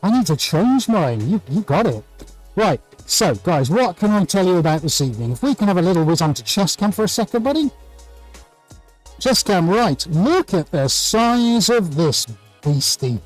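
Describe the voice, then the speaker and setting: A man's voice: high voice, very animated, moderate pace, faint music behind, poor audio. A man hosting a live painting tutorial from his art studio, chatting cheerfully and greeting viewers by name. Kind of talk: live-stream chat and demonstration.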